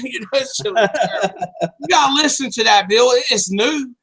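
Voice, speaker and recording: A man's voice: very high-pitched, normal speed, sharp tone, slightly rough, low-quality recording. A man co-hosting a casual wrestling podcast, rambling and joking crudely. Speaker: podcast co-host.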